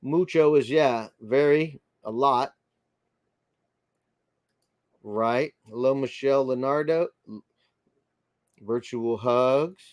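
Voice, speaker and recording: An American man from the United States hosts a casual livestream, greeting viewers by name and rambling amiably through their comments. His mid-range voice moves at a slow pace, a little mellow, with no room sound.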